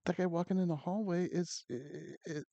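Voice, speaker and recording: A man's voice: medium pitch, expressive, brisk, vocal fry, dark tone, no echo, highs cut off, voice pushed up. A man voicing an exasperated middle-aged father who is blunt, sarcastic and incredulous, in a told story.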